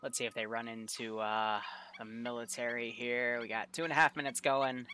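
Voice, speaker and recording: Dude running a zeus op, chill commentary, bright voice, lots of uhs. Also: male voice, medium pitch, normal speed, a little hiss or hum. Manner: relaxed, thinking aloud with fillers. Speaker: game master running a military sim operation. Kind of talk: casual gameplay commentary.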